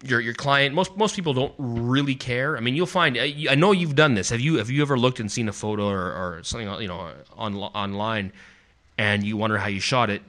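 A man's voice: medium pitch, a little fast, a bit bright. A Canadian man hosting a podcast, talking in a rambling, casual way with many restarts. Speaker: podcast host. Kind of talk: casual chat.

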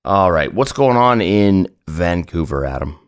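A man's voice: low-pitched, lively intonation, unhurried, clear, resonant tone, dry recording, studio quality. A man co-hosting a podcast in casual, joking banter, his voice groggy and worn from early morning. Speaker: podcast co-host.

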